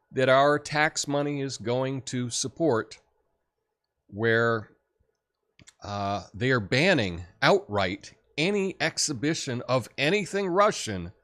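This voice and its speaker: A middle-aged man hosts a solo commentary show in a casual, chatty way. His mid-range voice rises and falls a lot as he talks. He fills pauses with ums and small chuckles and speaks in an opinionated tone. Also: mid-range voice, a bit bright. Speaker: host of a political commentary show.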